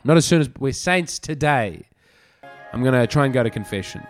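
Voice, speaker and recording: A middle-aged man doing a rambling, self-mocking comic monologue as podcast host, swinging between loud declarations and low mutters. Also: huge pitch swings, moderate pace, soft background music.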